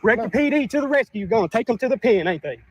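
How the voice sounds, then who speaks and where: A man's voice: very high voice, expressive, fast talker. A man arguing outside, heated and stammering, taunting the people he speaks to. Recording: street noise from a distance.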